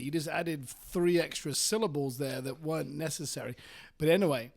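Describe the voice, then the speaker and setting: A man's voice: a little high, moderate pace, creaky. A man from London with a London English accent, co-hosting a podcast with dry, joking banter. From southern England, London. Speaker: podcast co-host. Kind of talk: casual podcast chat.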